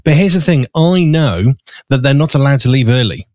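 In a small studio, a man hosting a live chat show eats and rambles with fillers, a bit out of breath. His mid-range voice is animated and darkish in tone, at a moderate pace, with no echo.

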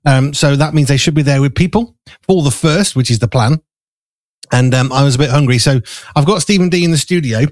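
Speaking a little fast in a mid-range voice, this show host rambles with fillers while eating on a live chat program in a small studio. He's slightly out of breath, and the recording has no room sound.

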